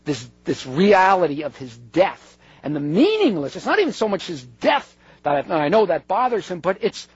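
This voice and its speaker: A man talks to an audience in a high, husky voice with a gravelly edge. He is earnest and digressive, stopping mid-thought and looping back. The recording is dry and dull, with a lo-fi sound. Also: very animated, brisk, dry recording. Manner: digressive, self-interrupting, earnest. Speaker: speaker addressing an audience. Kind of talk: conversational talk with read-out quotes.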